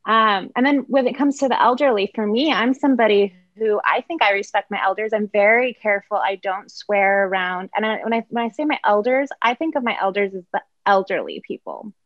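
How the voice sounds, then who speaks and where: A woman in casual group conversation, explaining her views in a thoughtful, measured way. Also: medium pitch, a bit bright, no echo, dull audio.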